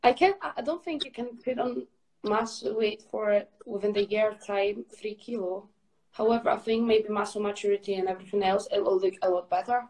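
A woman's voice: medium pitch, a little fast, darkish tone, low-quality recording. Woman, Polish accent, Polish native speaker, chatty, casual live chat. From Poland. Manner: chatty, laughs often. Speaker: guest ambassador.

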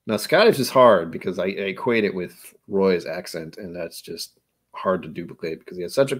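A man with a fairly low voice hosts a casual chat, and his pitch swings up and down as he talks. He rambles, pokes fun at himself and slips into silly accent bits. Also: expressive, a little fast, slightly rough. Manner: rambling, self-mocking, breaks into joke accents. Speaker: host.

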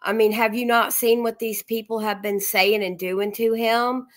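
A woman's voice: on the high side, steady tone, normal speed. A woman co-hosting a casual chat stream, speaking in a defensive, emphatic way. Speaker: co-host.

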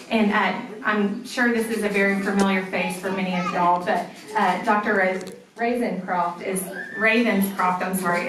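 A woman with a Southern US accent, the event organizer, making friendly welcome announcements. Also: mid-range voice. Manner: friendly, stumbling over a name. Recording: very echoey room from far off.

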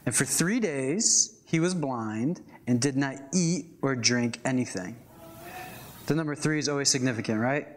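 A young man preaching a casual, animated sermon, reading scripture and adding chatty asides. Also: medium pitch, normal speed. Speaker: pastor.

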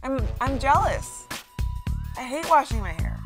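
A woman's voice: high voice, big pitch swings, measured pace. A woman hosting a comedy clip show, introducing clips in a chatty, playful way that keeps breaking off. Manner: chatty, playful, self-interrupting. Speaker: show host. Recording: music behind her.

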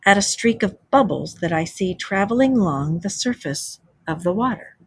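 Lady doing a wide-eyed little storybook mole, eager, soft husky. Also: mid-range voice, lively intonation, moderate pace, dry recording. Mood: wondering. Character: shy, wondering young male mole.

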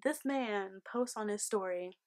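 A young woman vlogger telling an excited, rambling storytime, swearing freely. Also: mid-range voice, measured pace. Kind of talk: casual storytime vlog.

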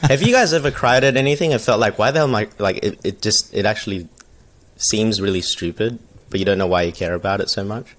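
A man in easygoing podcast talk with friends. His voice sits low, and his sentences wander. He often breaks into laughter midway through a story. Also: quick pace. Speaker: podcast co-host. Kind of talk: casual chat.

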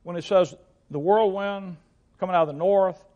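Older pastor teaching scripture, repeating himself. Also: male voice, high voice, steady tone, normal speed, highs cut off. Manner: repeats and restarts words, reads scripture aloud in King James wording. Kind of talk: expository Bible teaching.

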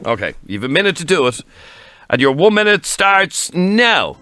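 A young man hosting a radio quiz, brisk and laughing as he gives the answers. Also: fairly high pitch, sing-song, bright, forceful tone, no room sound.

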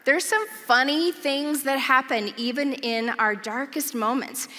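A woman's voice: high voice, measured pace, sharp tone. A woman giving a sermon in a church, telling stories with humor and earnest conviction. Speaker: church speaker. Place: large church auditorium. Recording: long hall reverb from a church.

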